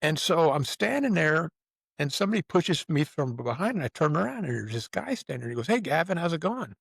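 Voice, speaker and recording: A man's voice: a little high, big pitch swings, brisk, vocal fry, slightly rough, no echo. A man in his fifties or older, hosting a podcast, telling long rambling stories in casual chat with swearing and acted-out quotes. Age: 50s or older. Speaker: podcast host.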